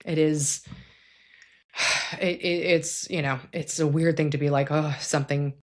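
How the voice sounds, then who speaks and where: A woman's voice: sits low, fairly even intonation, unhurried. A woman psychologist hosting an educational talk, giving frank, earnest advice in a casual way with plenty of fillers. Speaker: psychologist host.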